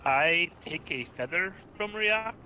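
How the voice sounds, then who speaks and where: Bright-voiced man playing a tabletop game. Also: sits high, animated, slow pace, highs cut off, slight background noise. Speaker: player. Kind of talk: describing character actions in a tabletop game.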